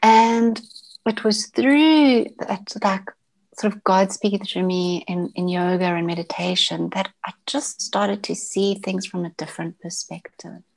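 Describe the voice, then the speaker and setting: A woman, sharing a personal story as an interview guest in a casual, halting way, often restarting and repeating words. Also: medium pitch, vocal fry.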